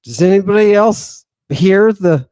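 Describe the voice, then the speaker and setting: Lecturing a live audience on ancient texts, this podcast host sounds expressive and a little mellow, delivering slowly and drawn out on a dry close mic. He keeps asking "right?" and "do you understand," emphatic and animated, moving between low murmurs and raised exclamations.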